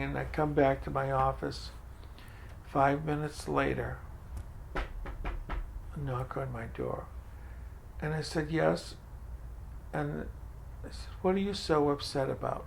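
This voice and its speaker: A man's voice: medium pitch, gravelly. Older man telling a faith story. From Franco-American, from Maine. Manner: storytelling, acts out dialogue. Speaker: food pantry director. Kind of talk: oral history interview.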